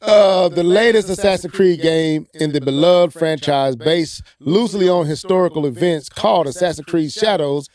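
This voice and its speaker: A man's voice: fairly high pitch, normal speed, few pauses, a little mellow. A man co-hosting a casual gaming podcast, reading an article aloud and breaking off with playful asides. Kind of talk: casual gaming news chat.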